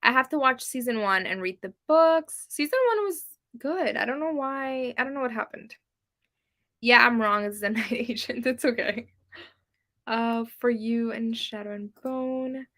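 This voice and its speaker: Young woman streaming, spanish first language, bright slightly high voice, giggly rambly chat. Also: measured pace. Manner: chatty, giggly, self-deprecating, lots of ums and likes. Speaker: booktube livestream host. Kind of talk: casual live-stream chat reading comments.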